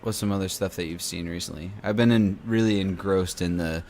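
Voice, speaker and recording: A man's voice: low voice, steady tone, a little fast, darkish tone, a little hiss or hum. A man hosting a casual podcast chat, joking and rambling with many restarts. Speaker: podcast host.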